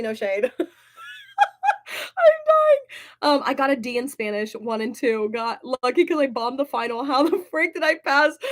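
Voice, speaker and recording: A young woman chatting casually as she answers viewer comments in her vlog, bubbly and giggly. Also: a little high. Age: young adult. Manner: bubbly, giggly, says "oh my gosh" often. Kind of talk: casual chat.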